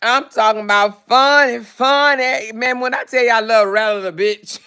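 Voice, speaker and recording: Woman, livestream host, casual commentary, brash, mocking, bright sharp tone. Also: fairly high pitch, smooth. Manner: brash, profane, mocking, laughing.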